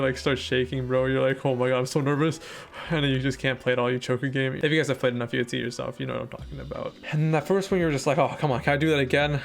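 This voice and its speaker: A man's voice: medium pitch, creaky. A young man giving casual commentary over his own gameplay, rambling and full of fillers. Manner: rambling, filler-heavy, excitable during fights. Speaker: gaming YouTuber. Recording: background music under voice.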